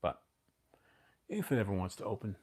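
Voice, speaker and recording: A man in his fifties runs a casual livestream and chats loosely with his viewers. His voice sits a bit low, and he often mutters to himself as he goes. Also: very animated, normal speed, a little mellow, breathy edge. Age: 50s. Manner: rambling, chatty, talks to viewers and himself. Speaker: livestream host.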